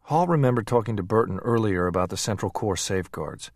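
Steady and measured, a man reads an audiobook in a voice on the low side. The studio-quality recording carries no room sound.

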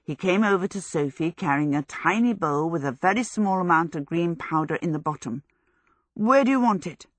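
Low-voiced woman narrating a storybook. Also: fairly quick, hardly any pauses, no room sound, studio quality. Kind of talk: audiobook narration.

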